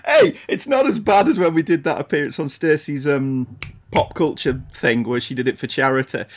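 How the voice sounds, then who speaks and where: A man's voice: a little high, expressive, normal speed, slight background noise. A man co-hosting a podcast in casual chat, joking and laughing often. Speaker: podcast co-host. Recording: slightly muffled lo-fi audio.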